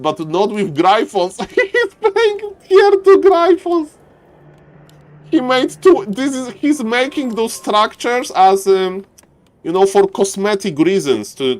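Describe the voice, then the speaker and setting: A man casting a strategy game live, excitable and joking, often breaking into laughter. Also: sits high. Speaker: game caster.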